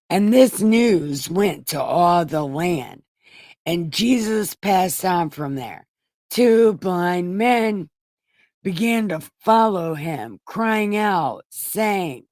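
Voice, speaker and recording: A woman's voice: lowish voice, expressive, takes it slowly, a little mellow, dry recording. A woman hosting a show, retelling Bible stories in a casual, irreverent way with profane, sarcastic asides. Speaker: host reading scripture.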